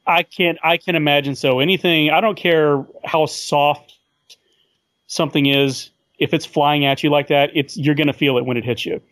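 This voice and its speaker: Male podcast guest, higher-pitched voice, thinks aloud, dry close audio. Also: steady tone, moderate pace, fairly bright tone, dry recording. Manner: thoughtful, slightly hesitant, repeats words as he thinks. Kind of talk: casual film podcast chat.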